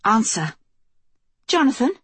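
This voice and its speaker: A woman's voice: fairly high pitch, sing-song, a little slow, slightly rough, dry recording, pitched above the performer's own voice, heavily acted. A woman reading the part of an anxious adult woman on the run, talking in an urgent, strained way.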